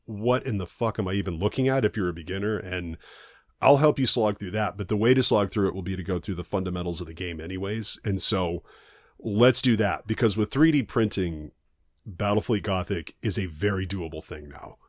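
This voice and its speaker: A man's voice: deep voice, a little fast, dry recording, clean studio sound. A man co-hosting a casual podcast chat, enthusiastic and profane, laughing often. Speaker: podcast co-host.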